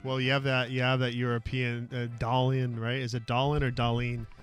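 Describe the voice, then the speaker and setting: A man giving measured hockey analysis, pausing on "uh" as he thinks. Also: mid-range voice, monotone, fairly bright tone, faint music behind. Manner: measured, lots of "uh" while thinking. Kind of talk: casual sports talk.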